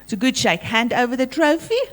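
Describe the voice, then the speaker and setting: A high-voiced woman with a South African accent addresses a school assembly, commanding and playful. She calls pupils forward and drills them with energy. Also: expressive, a little fast, a bit bright. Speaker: teacher leading a school assembly.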